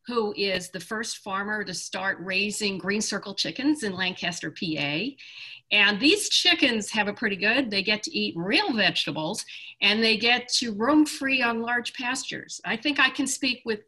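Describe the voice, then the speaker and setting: A woman's voice: on the high side, bright, forceful tone, breathy edge. A woman on a video call, chatting casually about a recipe she cooked, with small restarts. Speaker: TV cooking show host, guest.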